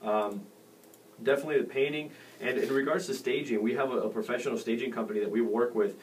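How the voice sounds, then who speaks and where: A middle-aged man hosts a real estate radio show, offering advice in a steady, medium-pitched voice at a fast pace. His casual talk rambles, filled with fillers and restarts. The mic sounds distant, with faint noise.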